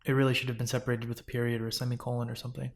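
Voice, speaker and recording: A man's voice: medium pitch, level tone, racing. A man co-hosting a book podcast, analytically picking apart the grammar and style. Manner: analytical, picky about grammar. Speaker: podcast co-host. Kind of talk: casual book-club chat.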